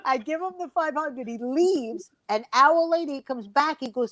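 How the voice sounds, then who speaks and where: A brash woman comedian spins a profane backstage story with a high, bright voice. Her sound is close and dry, with no room around it. She jumps into other people's voices as she goes. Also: normal speed, dry recording. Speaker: comedian guest. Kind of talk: storytelling round-table chat.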